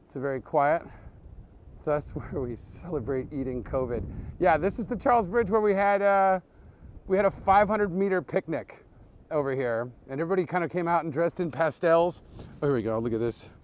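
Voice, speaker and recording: A man giving a joking live-streamed walking tour outdoors at night, reeling off absurd fake facts in a deadpan way and greeting viewers as he strolls, recorded on a handheld phone. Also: fairly high pitch, normal speed. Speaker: comedy tour guide.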